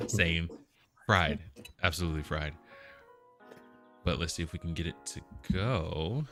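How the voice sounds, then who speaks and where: A man hosting a casual stream chat, easygoing and quick to laugh. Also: sits low, loud music behind the voice. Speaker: host.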